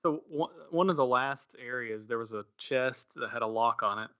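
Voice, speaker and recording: A man's voice: mid-range voice, moderate pace, sharp tone, clean tone, lo-fi sound. A middle-aged man co-hosting a podcast, telling a rambling story in casual chat with many fillers and restarts. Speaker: podcast co-host.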